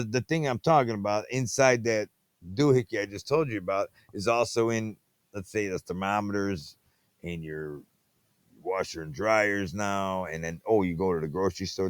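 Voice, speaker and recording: A deep male voice, recorded with no room sound. He's at home at night fiddling with a tablet while hosting a late-night movie review show, rambling casually, getting sidetracked, and repeating catchphrases.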